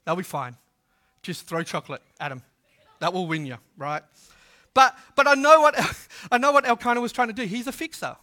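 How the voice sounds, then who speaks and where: A man preaching a sermon in a humorous, conversational way, swinging from loud to hushed. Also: high voice, lively intonation, normal speed. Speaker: pastor.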